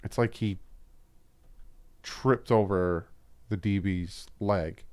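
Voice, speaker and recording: A man's voice: low-pitched, slow pace, darkish tone, clear, resonant tone, dry recording. A man hosting a casual football film breakdown, talking as an opinionated fan with frequent asides. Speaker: YouTube football film-study host.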